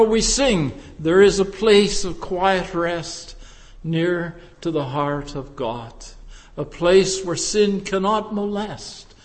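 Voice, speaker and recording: A high-voiced man preaches with fervent, pleading intensity, rising to loud appeals and sinking to hushed ones. He takes his time over every phrase. His voice rings with the long reverb of a big hall. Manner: impassioned pleading, swelling loud then dropping to near hush. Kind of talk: sermon.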